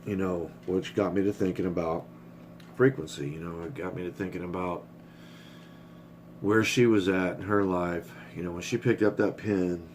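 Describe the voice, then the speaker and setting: A man's voice: deep voice, steady tone, normal speed, slight background noise. A middle-aged man rambling candidly in a casual personal vlog, swearing freely and getting choked up. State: emotional, choked up. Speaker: vlogger.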